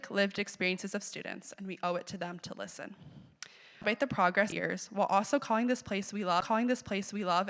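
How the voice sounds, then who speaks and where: A woman's voice: mid-range voice, fairly bright tone, long reverb tail. A woman giving a prepared advocacy speech as she introduces a lecture, earnest and rhetorical, repeating phrases for effect. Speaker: student speaker introducing the lecture. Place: lecture hall.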